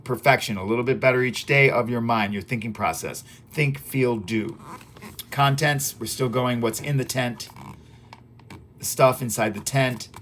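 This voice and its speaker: A man's voice: medium pitch, a bit bright, a little hiss or hum. A man recording an audio lesson, reading through his self-help book and explaining it in a chatty, repetitive way, often checking in with "right?" and "okay?". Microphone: audio-only recording.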